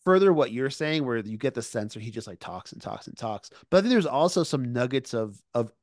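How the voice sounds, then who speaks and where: A man's voice: mid-range voice, animated, fairly quick, no room sound, clean studio sound. A man co-hosting a podcast, casually retelling events with many fillers. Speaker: podcast co-host. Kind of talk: casual discussion.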